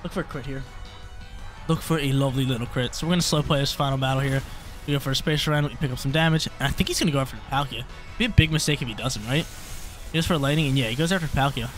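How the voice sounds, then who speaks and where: A young man talks through his online battle as it plays out, thinking aloud and repeating himself when things get tense. His voice sits at an ordinary male pitch. Faint music plays under his talk. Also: rapid-fire. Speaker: gaming YouTuber. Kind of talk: live gameplay commentary.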